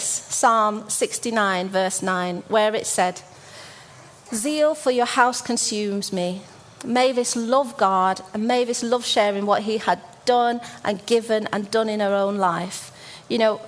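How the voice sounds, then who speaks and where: A woman in her forties delivers a sermon as a personal story, speaking at an ordinary, middling pitch. She is from Birmingham and often pauses with fillers and restarts her sentences. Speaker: church speaker.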